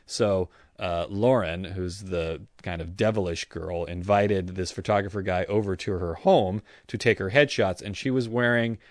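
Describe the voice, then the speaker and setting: Man, podcast co-host, lowish voice, dry close sound, rambling, stammering restarts. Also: normal speed, hardly any pauses, no room sound. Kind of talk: casual chat.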